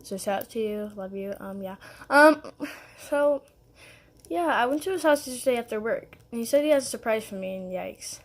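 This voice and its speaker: A woman's voice: on the high side, expressive, moderate pace. Rambling young woman vlogging to camera. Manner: rambling, heavy on "like" and "um", giggly. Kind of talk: casual storytelling to camera.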